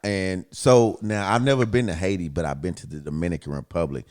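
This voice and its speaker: A man hosting a podcast in casual chat, blunt and loud, swearing freely. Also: low-pitched, steady tone, brisk. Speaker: podcast host.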